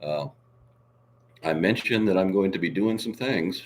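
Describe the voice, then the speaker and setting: A hoarse man hosting a casual live stream, coughing now and then and reading out viewer comments in a showy way. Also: deep voice, unhurried, slight background noise.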